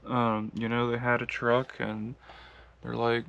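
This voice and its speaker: A man's voice: mid-range voice, completely flat delivery, unhurried, creaky, fairly bright tone, lo-fi sound. A man from the United States casually telling a travel story, rambling with lots of fillers and laughing as he goes. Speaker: long-distance walker vlogging.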